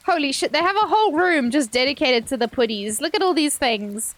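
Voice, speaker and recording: A woman VTuber streaming a game in casual live commentary, excitable and squealing, swearing freely into a desk microphone. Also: sits high, normal speed.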